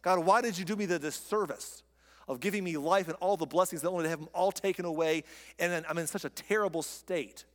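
A man's voice: sits high, fast, natural voice. A preacher in a reverberant hall voicing a grieving man who laments ever being born, in an anguished way. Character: grieving man, despairing of his life. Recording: long reverb of a large hall.

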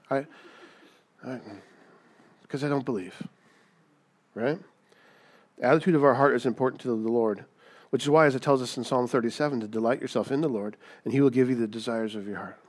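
A man preaching a sermon in a conversational way, often asking rhetorical questions. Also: medium pitch. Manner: conversational, asks rhetorical questions, acts out voices.

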